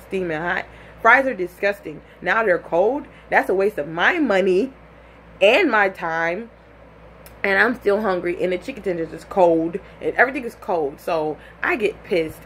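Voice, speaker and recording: A young woman telling a personal story in a casual, animated way, full of "like" and acted-out quotes. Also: mid-range voice, slight background noise.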